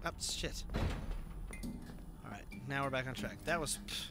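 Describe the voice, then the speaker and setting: A man's voice: mid-range voice, unhurried, heavy background noise. A man giving profane, jumpy let's-play commentary on a horror game, talking to himself as he plays. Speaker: gaming video host. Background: game music.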